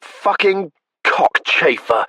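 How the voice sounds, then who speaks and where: A man's voice: expressive, moderate pace, fairly bright tone, slightly rough, no room sound, heavily acted. A man voicing a playful, spirited young vampire noblewoman in an audiobook, lilting and teasing. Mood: shouting gleefully. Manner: lilting, teasing, raised pitch. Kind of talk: audiobook character voice. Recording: dry close studio sound.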